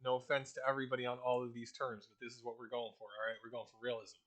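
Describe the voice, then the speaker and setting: A man's voice: medium pitch, little pitch movement, fast talker, a bit bright. A man giving a profane, rambling, casual explanation of a role-play setting.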